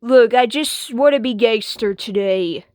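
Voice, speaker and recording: A woman's voice: fairly high pitch, a little slow, a little mellow, no room sound, studio quality, natural voice. A woman voicing a stubborn, whiny female washing machine in a homemade skit, defiant and slangy.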